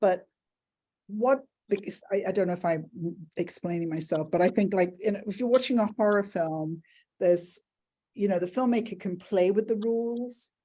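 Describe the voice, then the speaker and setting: A middle-aged woman from England hosting an interview over a video call, chatty and animated as she tells stories and acts out quotes. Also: medium pitch, normal speed. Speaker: interview host. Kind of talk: casual conversational interview.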